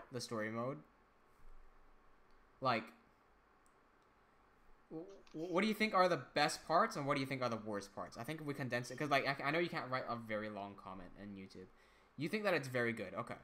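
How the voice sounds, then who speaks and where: Bright-voiced young male streamer. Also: medium pitch, expressive, moderate pace, long pauses. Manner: chatty, reads out chat comments, frequent restarts. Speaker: livestream host and animator. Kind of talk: casual livestream chat.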